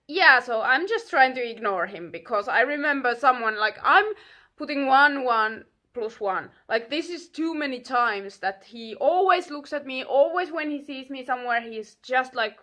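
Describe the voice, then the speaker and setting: A young woman telling a story casually, animated and swearing, acting out what people said. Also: on the high side. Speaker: vlogger.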